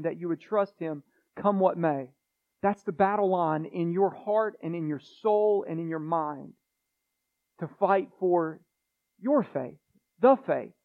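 Man, pastor, high voice, earnest sermon with repeated phrases, muffled lo-fi audio.

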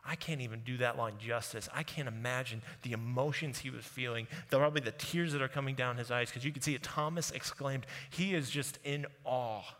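A man preaching a sermon, telling the story with lively, casual voices for the people in it. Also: mid-range voice, a little fast, few pauses. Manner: animated storytelling, acting out quotes in casual voices. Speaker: pastor. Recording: long hall reverb.

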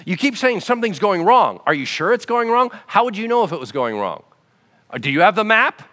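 Animated pastor preaching in a reverberant hall. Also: male voice, sits high, brisk. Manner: animated, conversational preaching with acted-out dialogue. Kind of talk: sermon.

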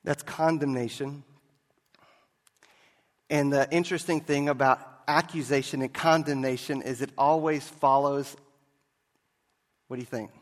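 A man preaching a sermon as a pastor, telling a story and moving between loud and hushed delivery. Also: mid-range voice, fairly even intonation, measured pace, long pauses, long reverb tail.

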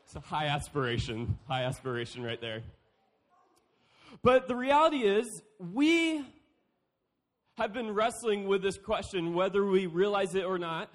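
A young man delivering a youth sermon with a higher-pitched voice. He keeps it playful, cracking jokes and acting out little quoted exchanges. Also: lively intonation, a little slow. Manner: playful, joking, acts out quotes. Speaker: youth speaker.

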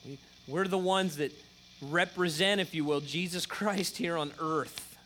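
Middle-aged pastor preaching, keeps saying okay, fairly high voice. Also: male voice, a little slow, a bit bright, slight background noise. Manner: emphatic, repetitive preaching with frequent "okay?" check-ins. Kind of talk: sermon.

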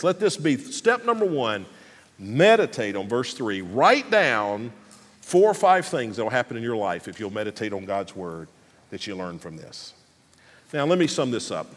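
A man's voice: medium pitch, fairly bright tone, long reverb tail. A man preaching a sermon as a pastor, earnest and emphatic, repeating phrases to stress each word.

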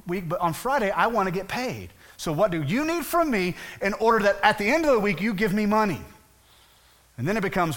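A man in his thirties preaching a sermon, conversational and animated, asking his listeners questions as he goes. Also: high voice. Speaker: pastor.

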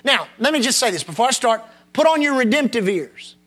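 High, bright-voiced impassioned male preacher. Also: big pitch swings, a little fast. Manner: impassioned, repetitive preaching cadence with sudden drops and rises; reads scripture aloud in dramatic King James style. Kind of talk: sermon.

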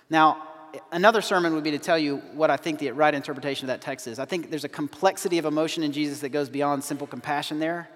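Earnest preacher in a long-echo hall. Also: male voice, on the high side. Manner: earnest preaching, quoting scripture, rising emphasis. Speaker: pastor. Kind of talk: sermon.

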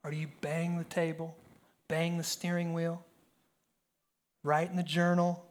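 A man's voice: a little high, flat delivery, a little slow, long pauses. A pastor in his thirties preaching a sermon, telling stories animatedly and firing rhetorical questions at the congregation.

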